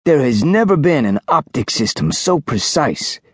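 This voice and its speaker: A man's voice: mid-range voice, sing-song, moderate pace, slightly rough, no echo, studio quality, pitched above the performer's own voice. A man voicing a fussy, orderly young physics student in an audiobook, easily alarmed. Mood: showy. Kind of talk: audiobook character voice.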